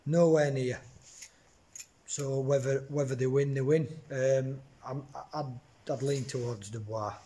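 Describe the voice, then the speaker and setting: A man's voice: mid-range voice, steady tone, unhurried, warm tone. A man, a boxer talking bluntly in a casual interview, repeating words and tagging his points with questions.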